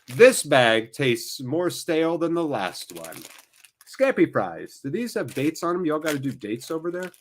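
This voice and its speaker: A man's voice: a little high, very animated, a little slow, a little hiss or hum. A man hosting a live watchalong, giving casual, jokey play-by-play with rambling asides. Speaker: watchalong host. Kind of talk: casual live match commentary.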